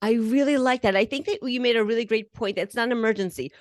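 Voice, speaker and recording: Fast-talking affirming woman host. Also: on the high side, no room sound. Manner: affirming, quick, summarizes the guest's points. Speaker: interview host. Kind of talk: conversational interview.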